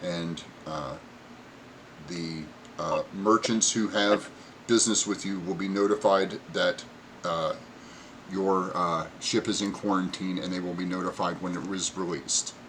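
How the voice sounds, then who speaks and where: A man's voice: deep voice, unhurried, slight background noise. A man voicing a stern male dock official who speaks curtly and by the rules. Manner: curt, flat and rule-bound.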